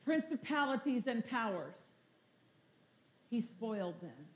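A woman's voice: fairly high pitch, very animated, slow. A woman preaching a sermon, repeating her phrases and building toward exultant declarations. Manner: repetitive, building to exultant shouts.

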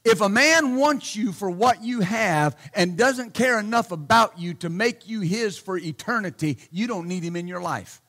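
High-voiced, bright, blunt preaching man. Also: animated, normal speed, few pauses. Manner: blunt, emphatic preaching with repeated hallelujahs; shouts key points. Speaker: pastor. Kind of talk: sermon.

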